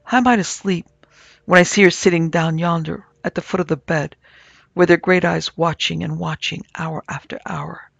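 A man voicing a delirious, drunken young man who talks in hushed, peevish, pleading tones. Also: fairly high pitch, fairly even intonation, normal speed, creaky, no room sound. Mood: feverish, haunted.

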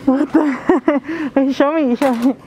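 A woman's voice: high-pitched, steady tone, slow pace, dark tone. Chatty woman vlogging in a noisy store. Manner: chatty, giggly, addresses viewers. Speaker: vlog host. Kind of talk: casual vlog narration. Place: large store indoors.

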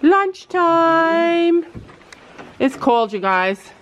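A woman's voice: a little high, normal speed, fairly bright tone, muffled recording. A woman hosting a casual vlog on a cold horse farm, chatting to the camera, laughing often and cooing at her animals. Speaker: vlog host.

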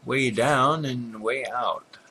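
An older man chats his way through a computer game as a commentator, muttering at the monsters and apologizing whenever he yawns, which is often. He speaks slowly at a medium pitch with a bright, forceful tone, and a little hiss or hum can be heard.

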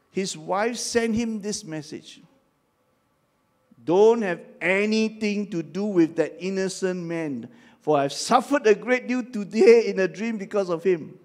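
A man's voice: high-pitched, unhurried. An older man preaching a dramatic sermon and leading the congregation in call-and-response. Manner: dramatic, leads the crowd in call-and-response shouts. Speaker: pastor.

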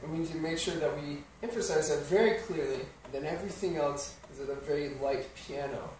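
In a piano studio, a man with a slightly high voice and fairly even intonation speaks fairly quickly, teaching rhythm patiently and counting beats aloud. The room sounds spacious, the mic is distant, and a piano is playing.

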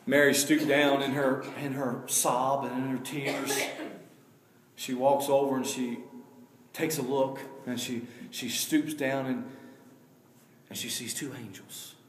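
A man preaches a sermon at a mid-range pitch, his voice ringing through a roomy hall with a long, lingering tail. He moves from quiet, drawn-out lines to loud, emphatic surges and takes his time over scripture readings. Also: flat delivery, slight background noise. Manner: swings between hushed, slow passages and loud, emphatic rises; reads scripture slowly and deliberately. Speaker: pastor. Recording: echoey hall with long reverb.

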